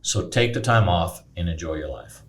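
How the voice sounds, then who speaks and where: A man's voice: low voice, moderate pace. A man co-hosting a podcast, giving earnest, encouraging advice to listeners. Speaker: podcast co-host. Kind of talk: motivational podcast chat.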